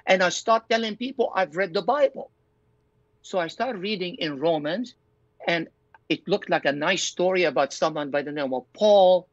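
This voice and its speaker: A man's voice: high voice, moderate pace, dry recording. Older man telling his testimony. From Lebanon. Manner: earnest storyteller, acts out his own quoted thoughts. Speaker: pastor and doctor, guest. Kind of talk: personal testimony in an interview. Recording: dull, dry lo-fi recording.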